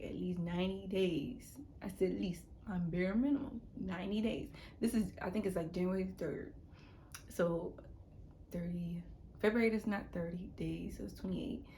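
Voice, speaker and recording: A woman's voice: mid-range voice, a little mellow, a little hiss or hum. Rambling young woman vlogger. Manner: rambling, repeats words, drops to a whisper at times. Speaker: YouTuber. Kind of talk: casual self-help monologue.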